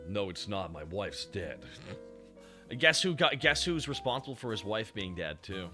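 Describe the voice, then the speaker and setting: A man hosting a stream, casual and excitable, swearing a lot and laughing often. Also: on the low side, moderate pace, faint music behind. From Canada. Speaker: streamer host.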